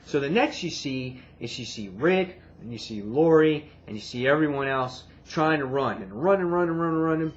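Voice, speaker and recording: A man casually retelling a comic book issue and reviewing it, getting excited and swearing as he acts out his reactions. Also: fairly high pitch, moderate pace, hardly any pauses. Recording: dull lo-fi, faint background hiss.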